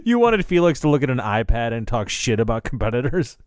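A man's voice: mid-range voice, sing-song, fairly quick, a little mellow, no room sound, clean studio sound. Chatty, opinionated man. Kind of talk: casual chat.

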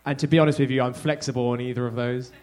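An English man performing stand-up comedy, chatting to the crowd in a loose, conversational way. His delivery is punchy and self-deprecating, and his voice is of ordinary pitch for a man. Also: steady tone, very fast, darkish tone. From England.

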